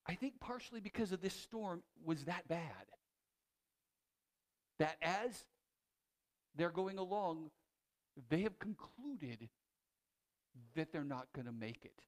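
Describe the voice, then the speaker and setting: Animated man preaching a sermon. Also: fairly high pitch, takes it slowly, pauses often. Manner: animated storytelling with restarts, swinging from loud to hushed. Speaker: pastor.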